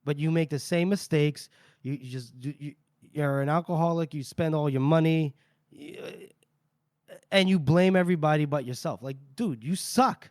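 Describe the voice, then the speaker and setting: A man retells a story for his podcast co-hosts, slipping into quick character voices and swearing freely. His voice sits a little high. The sound is dry and close on the mic. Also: a little mellow, dry recording. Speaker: podcast co-host. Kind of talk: casual book-discussion podcast, retelling chapters.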